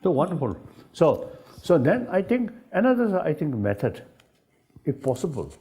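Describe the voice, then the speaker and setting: An older man who is not an English speaker, talking in a halting, searching way with many fillers and ready laughs. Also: fairly high pitch. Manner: laughs easily, animated. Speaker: spiritual leader in dialogue. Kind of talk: unscripted dialogue.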